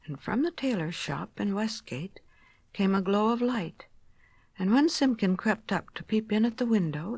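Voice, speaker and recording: Gentle woman reading a storybook. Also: on the low side, no room sound. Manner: gentle expressive read-aloud, dropping to a hush.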